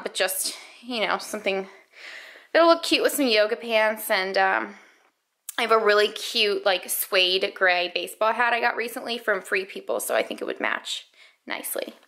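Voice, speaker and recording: A woman's voice: medium pitch, normal speed, pushed and bright, poor audio. A woman in her twenties chatting casually to camera at home in a vlog, filling her talk with "like" and "um". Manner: chatty, filler-heavy, says "like" a lot. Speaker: lifestyle vlogger and young mother.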